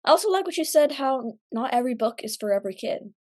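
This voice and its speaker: A woman's voice: high-pitched, expressive, fast talker, a little mellow, no room sound, studio quality. A woman hosting an interview over a video call, affirming her guest and asking questions. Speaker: host interviewer. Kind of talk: casual interview.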